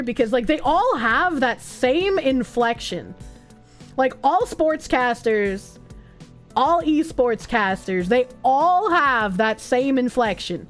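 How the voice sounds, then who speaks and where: A woman's voice: high voice, expressive, measured pace, faint music behind. A woman streamer chatting casually and reading viewer comments, rambling and joking, often laughing and swearing.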